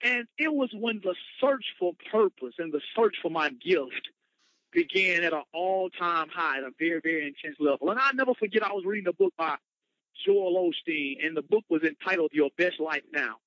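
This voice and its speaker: A man's voice: high-pitched, expressive, normal speed, no echo. A man, a motivational speaker, telling his personal story with emphatic, dramatic retelling. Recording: dull lo-fi, dry sound.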